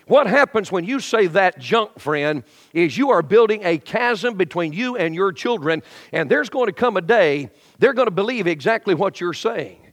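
High-pitched preacher in a reverberant hall. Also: male voice, brisk. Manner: animated preaching, acts out voices of complainers, drops to quiet intimate storytelling. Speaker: pastor. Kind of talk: sermon. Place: church sanctuary.

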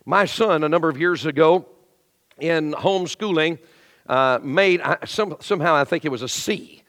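High-pitched preacher in a reverberant hall. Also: male voice, moderate pace. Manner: animated preaching, acts out voices of complainers, drops to quiet intimate storytelling. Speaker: pastor. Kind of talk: sermon. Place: church sanctuary.

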